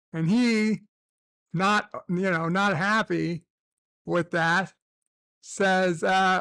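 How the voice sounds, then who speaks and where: Man, gravelly voice, fairly high pitch, dry close sound, casual profane storytelling. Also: fairly even intonation, extremely slow, pauses often, pushed and bright, dry recording. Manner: rambling, profane, self-mocking anecdotes. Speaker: livestream host. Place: at home, in bed.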